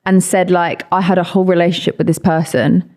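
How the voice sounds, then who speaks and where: A woman, a podcast guest chatting casually in an animated way with frequent laughter. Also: on the low side, fairly quick. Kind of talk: casual chat.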